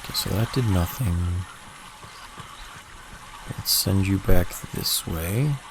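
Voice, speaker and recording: Low-voiced easygoing male game streamer. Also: takes it slowly, very noisy. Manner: thinking aloud, easygoing and chatty. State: coughing. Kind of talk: casual livestream chat.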